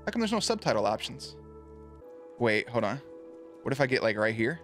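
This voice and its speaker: A young man giving playful let's play commentary, excitable and baby-talking to the cats on screen. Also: mid-range voice, a little fast, soft background music. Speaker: gaming YouTuber.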